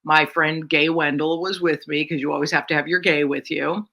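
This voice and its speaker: A woman's voice: low-pitched, normal speed, gravelly. A middle-aged woman, a comedian, telling brash, profane stories in a casual podcast chat. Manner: brash, profane, animated storyteller.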